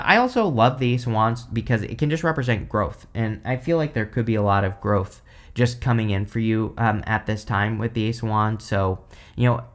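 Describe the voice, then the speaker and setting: A man giving a casual tarot reading to camera, rambling with many fillers and restarts, tired and stifling yawns. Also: medium pitch. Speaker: tarot reader.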